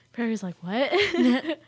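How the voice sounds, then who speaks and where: A woman's voice: sits high, no room sound. Giggly teasing young woman co-host. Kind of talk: casual chat.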